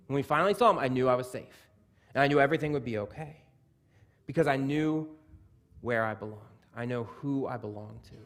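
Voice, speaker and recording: A man in his thirties preaching a sermon, telling a story with quick asides and dropping his voice soft and low for emphasis. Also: lively intonation. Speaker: pastor. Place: church sanctuary.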